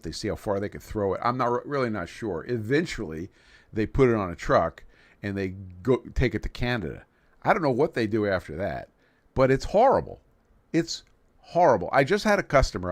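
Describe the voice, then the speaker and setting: A man's voice: fairly low pitch, dry recording. A man from New York City hosting a casual livestream, joking and rambling as he restarts his sentences. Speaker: livestream host.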